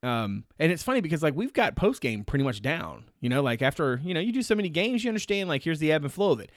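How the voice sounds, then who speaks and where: A man hosting a sports podcast, chatting casually and thinking aloud with pauses. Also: on the high side, very animated, no room sound, studio quality. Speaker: podcast host and sports reporter. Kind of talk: casual chat.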